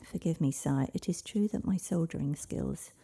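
A woman voicing an earnest, brave young woman who speaks softly and often in a whisper, in a husky storybook reading. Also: sits low, normal speed, heavily acted. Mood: pleading.

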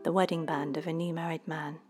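A woman's voice: sits low, level tone, fairly quick, music in the background, natural voice. A woman voicing a prim, demanding little male leprechaun in a storybook reading, with clipped, formal orders. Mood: imperious.

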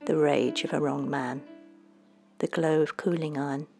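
Woman playing a little male leprechaun, prim, demanding, formal, gravelly, storybook. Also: sits low, steady tone, moderate pace, darkish tone, faint music behind. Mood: imperious. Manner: formal, clipped, bossy orders. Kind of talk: storybook reading.

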